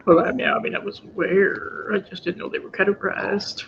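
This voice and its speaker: High, gravelly man with dry quips. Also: fairly even intonation, brisk. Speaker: podcast co-host. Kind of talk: casual livestream chat. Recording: dull home mic with faint noise.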